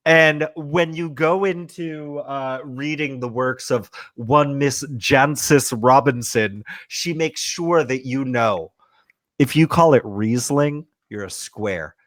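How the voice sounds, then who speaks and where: Slow-talking, opinionated man. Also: mid-range voice, fairly bright tone. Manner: easygoing, opinionated. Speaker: co-host. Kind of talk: casual podcast chat about wine.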